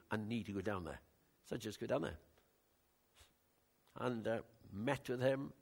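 An older man from West Wales with a West Welsh accent, a Christian minister telling rambling, animated stories of his week in a casual talk. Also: mid-range voice, vocal fry. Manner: rambling, animated storytelling with many restarts.

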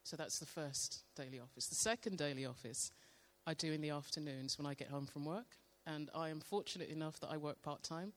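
Woman sharing devotional testimony, slow and meditative in delivery. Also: low voice. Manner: slow, calm, soft-spoken, meditative. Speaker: church member sharing testimony. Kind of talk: devotional testimony with guided prayer.

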